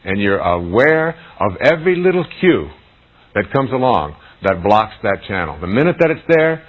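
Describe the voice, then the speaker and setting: A man giving a slow, deliberate spiritual talk to an audience. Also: fairly low pitch, sing-song. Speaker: motivational speaker. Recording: tinny phone-like recording with faint music.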